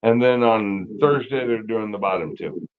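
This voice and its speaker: A man's voice: lowish voice, lively intonation, moderate pace, smooth, phone-quality sound. A man talking casually on a livestream, blunt and swearing often. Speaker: guest on a car livestream. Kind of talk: casual chat.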